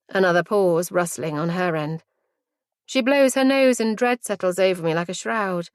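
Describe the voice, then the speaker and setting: A woman's voice: medium pitch, no echo, studio quality. Intimate woman audiobook narrator. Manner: measured, intimate, reflective. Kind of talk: first-person audiobook narration.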